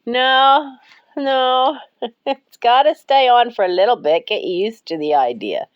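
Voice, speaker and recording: A woman's voice: medium pitch, sing-song, normal speed, dry recording, lo-fi sound. A woman talking to her cats while filming at home, cooing and giggling often. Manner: baby-talks to cats, breaks into frequent giggles. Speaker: pet vlogger. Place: cold house, bedroom.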